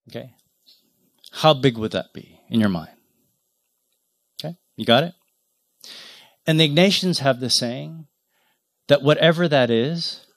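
A man preaching a sermon as pastor, telling stories earnestly, rising loud and then dropping to a hush. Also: mid-range voice, dry recording, studio quality. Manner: earnest storytelling with wide swings from loud to hushed.

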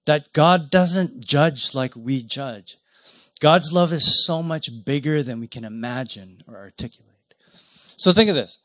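A man preaching a sermon as pastor, telling stories earnestly, rising loud and then dropping to a hush. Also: a little high, no echo, clean studio sound. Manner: earnest storytelling with wide swings from loud to hushed.

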